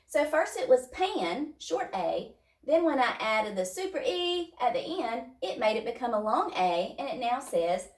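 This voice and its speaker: A woman teacher with a slightly high voice leads young children through a phonics lesson, sounding out words step by step. She is recorded from a distance, off-mic in an echoey room.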